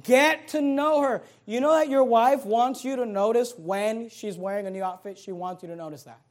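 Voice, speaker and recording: A man, a pastor, preaching a sermon in a folksy, conversational way. He reads scripture aloud and swings between loud emphasis and quiet asides. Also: extremely high pitch. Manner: reads scripture aloud in King James wording.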